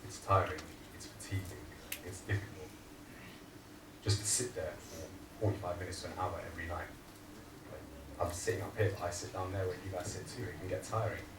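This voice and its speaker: A man giving a religious sermon at a mourning gathering, moving from quiet, low delivery to loud, impassioned retelling. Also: fairly even intonation, brisk, background noise. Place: hall of a gathering. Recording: echoey hall, mic at a distance, faint ambience.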